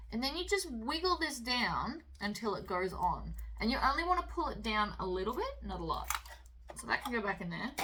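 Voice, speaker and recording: A woman hosting a sewing tutorial, talking through each step in a relaxed, chatty way with the odd um and uh. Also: mid-range voice, rough recording. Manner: relaxed, chatty instruction with fillers.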